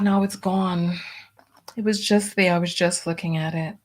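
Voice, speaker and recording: A woman's voice: lowish voice, steady tone, moderate pace. A woman hosting her own livestream show, talking casually and venting her frustration, with many restarts.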